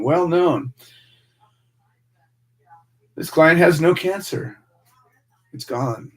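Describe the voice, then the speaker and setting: An American man hosting a radio show, delivering a fiery, preachy monologue full of rhetorical questions and emphatic repetition. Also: on the high side.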